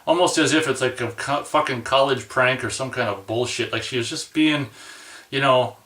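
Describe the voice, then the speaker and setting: A man rants about his day, swearing freely and sounding worn out and exasperated. His voice is bright and a little tense. He sits back from the mic, so the room rings around him. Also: mid-range voice, normal speed, reverberant, recorded from a distance. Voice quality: profane, exasperated, rambling. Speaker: vlogger. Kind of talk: angry personal rant.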